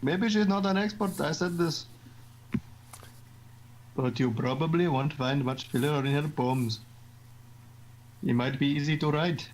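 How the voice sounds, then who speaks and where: A Scottish man voicing a snarky teenage girl club president in a game, teasing and trading crude, deadpan insults. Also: a little high, measured pace, pauses often, a little hiss or hum, lightly acted, rough recording. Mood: mocking.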